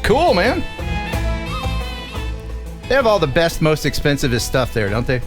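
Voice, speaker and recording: Animated joking male co-host. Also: quick pace, over music. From USA. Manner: playful joking, animated pitch swings. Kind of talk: casual live-stream chat.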